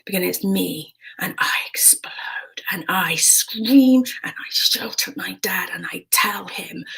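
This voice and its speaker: A British woman in her forties telling a frank personal story in a hushed, intimate way. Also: on the low side, creaky, slightly rough, poor audio. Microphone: streamed stage mic.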